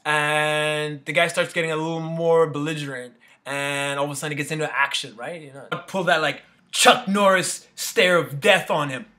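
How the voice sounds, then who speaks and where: Sex: male. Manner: rambling, full of "you know, right?". Tone: bright. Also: a little high, steady tone, moderate pace, few pauses. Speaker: motivational speaker. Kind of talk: casual motivational talk.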